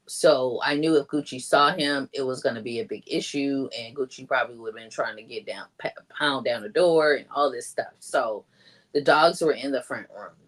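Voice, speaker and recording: A very deep, slightly bright-voiced woman shares her own story as a guest in a chatty way. "Like" peppers her speech, and she raises her voice whenever she voices what someone else said.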